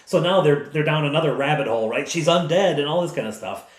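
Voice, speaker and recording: A man who is the game master, recounting a tabletop game session as an animated storyteller. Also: a little high, quick pace, hardly any pauses. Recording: echoey room.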